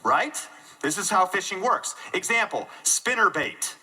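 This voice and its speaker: A man giving an energetic live keynote talk to an audience in a room, joking at his own expense. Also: high voice, unhurried, slightly rough, low-quality recording. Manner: energetic and self-deprecating, jokes with the audience. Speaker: conference speaker.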